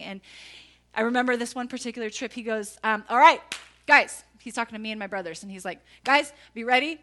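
Animated, bright-voiced woman preaching. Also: medium pitch. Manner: animated storytelling, emphatic asides to the audience. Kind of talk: sermon with personal story.

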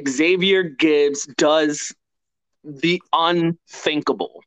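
A man co-hosting a casual sports podcast, excitable and profane, talking in halting bursts full of restarts. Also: a little high, clean tone, rough recording. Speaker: podcast co-host.

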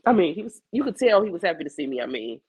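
A hoarse woman in her forties with a fading voice and a cough, talking candidly and reflectively in her personal video journal. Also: lowish voice, big pitch swings, fast, a little mellow, no echo, rough recording. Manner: candid, rambling, colloquial, reflective. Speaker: psychic medium keeping a video journal.

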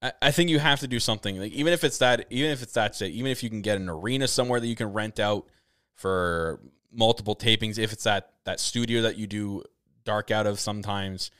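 A man from Canada hosting a casual talk podcast, rambling excitably with lots of restarts. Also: fairly low pitch, a little fast, clean tone, dry recording, clean studio sound. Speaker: podcast host. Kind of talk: casual chat. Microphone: camera setup on a video call.

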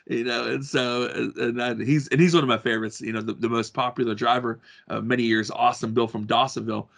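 A man's voice: medium pitch, steady tone, fairly quick, gravelly, hardly any pauses, a bit bright. A man co-hosting a podcast, chatting casually about motor racing, rambling with many restarts and fillers. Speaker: podcast co-host. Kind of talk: casual sports chat.

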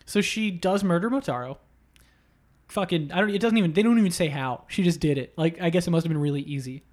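A man hosting a casual podcast, retelling a story in a joking, rambling way with quick asides. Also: sits high, a little mellow. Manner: joking, retells stories with put-on quotes. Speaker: podcast host. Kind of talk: casual comedic podcast chat.

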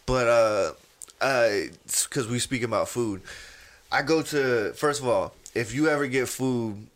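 A man, a podcast host telling a profane, animated story in casual chat and acting out the people in it. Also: mid-range voice, unhurried. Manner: animated, profane, acts out quoted voices.

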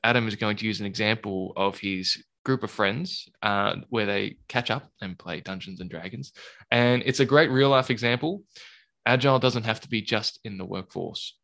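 A man's voice: lowish voice, normal speed, gravelly, bright, forceful tone. A man hosting a casual chat, joking and laughing often. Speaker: podcast host.

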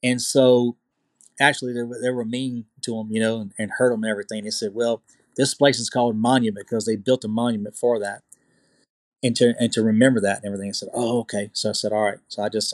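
Excitable Southern man telling a tale. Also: lowish voice, fast, no room sound. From Louisiana. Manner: excitable storyteller, repeats phrases, checks in with the listener. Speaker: podcast guest. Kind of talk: telling a personal story.

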